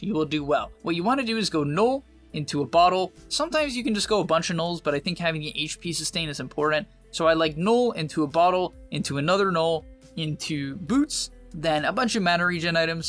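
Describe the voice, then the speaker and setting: A young man in a casual, confident gameplay guide, giving quick, emphatic advice with slang. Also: a little high, a bit bright. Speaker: game guide presenter.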